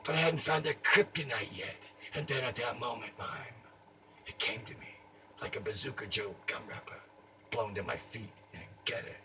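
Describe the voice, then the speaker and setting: Theatrical taunting man, bright and distant. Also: mid-range voice, moderate pace. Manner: theatrical, taunting, swings between mutters and shouts. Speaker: comedic performer. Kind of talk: improvised comic monologue. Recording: distant mic, faint ambient noise.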